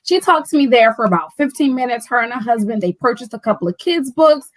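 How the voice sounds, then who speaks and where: Bookstore owner, woman, high voice, lively storyteller peppering "like", dry sound. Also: quick pace, no room sound, low-quality recording. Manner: animated storyteller, acting out quoted dialogue; fills speech with "like" and "right?". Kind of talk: casual chat.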